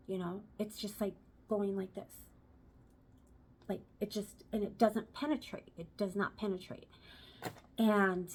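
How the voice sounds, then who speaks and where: A woman's voice: mid-range voice, slight background noise. A woman vlogger giving relationship advice in a casual talk to camera, chatty and repeating herself for emphasis.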